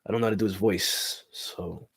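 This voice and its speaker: Young male comic streamer, low voice, rambling, crude, self-deprecating chat. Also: fairly even intonation, moderate pace, gravelly, slightly rough. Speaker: comedian streamer. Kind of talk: casual live-stream chat.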